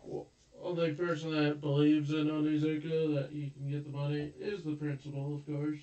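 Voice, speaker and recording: A man's voice: on the high side, completely flat delivery, moderate pace, warm tone, dull audio. A man co-hosting a casual review chat who chimes in from his notes with extra points and corrections. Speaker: podcast co-host. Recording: echoey room, distant mic.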